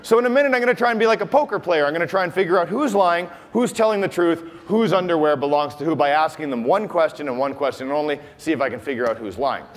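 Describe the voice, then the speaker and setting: A man's voice: on the high side, lively intonation, fast, hardly any pauses. A man with a Canadian accent performing a comedy magic act on stage, teasing the audience with playful crowd work. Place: large hotel conference hall. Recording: live hall with long reverb, faint room noise.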